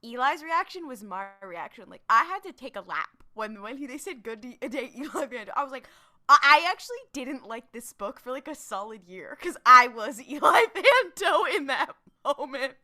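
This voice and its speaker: A woman co-hosting a casual podcast, excitable and emphatic as she recalls her reactions. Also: high-pitched, moderate pace. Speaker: podcast co-host.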